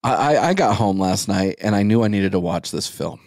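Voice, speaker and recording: A man's voice: fairly low pitch, fairly quick, a little mellow, no echo, clean studio sound. A man in his thirties co-hosting a podcast, ranting in an exasperated, profane way. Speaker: podcast co-host. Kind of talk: casual podcast chat.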